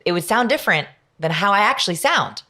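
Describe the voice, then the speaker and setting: A middle-aged woman, a guest on an interview podcast, explaining her ideas in an energetic, emphatic way with lots of examples. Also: medium pitch, fast. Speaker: guest, behavioral researcher. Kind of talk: conversational interview.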